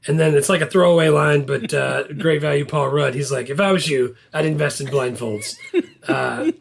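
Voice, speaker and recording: A man's voice: on the high side, normal speed, vocal fry. A man from Louisiana co-hosting a casual movie podcast, laid-back and wryly joking. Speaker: podcast co-host.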